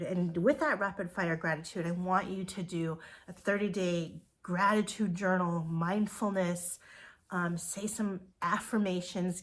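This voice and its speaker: A woman in her forties leading a sales team, giving an earnest, emotional motivational talk that now and then drops into breathy whispers for emphasis. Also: mid-range voice, fairly bright tone. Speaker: direct sales team leader.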